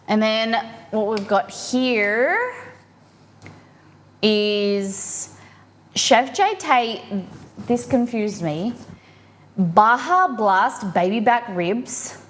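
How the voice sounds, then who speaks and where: A woman with a medium-pitched voice runs a live cooking stream from her home kitchen, and a little hiss or hum can be heard. She stays chatty and upbeat, picking up on viewers' comments while she cooks.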